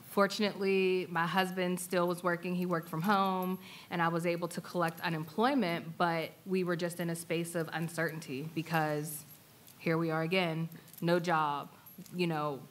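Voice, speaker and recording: Young woman on a panel telling her own story, low-ish voice, earnest, lots of ums. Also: steady tone. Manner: earnest, plain-spoken, pausing with fillers. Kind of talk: personal testimony on a panel.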